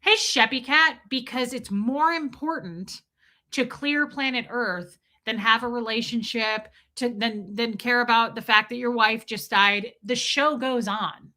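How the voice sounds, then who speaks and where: Woman streamer, casual and indignant rambling, bright and tense tone. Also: on the high side, measured pace. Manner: rambling, indignant, addresses viewers mid-sentence. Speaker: livestream host reading chat. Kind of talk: casual livestream commentary.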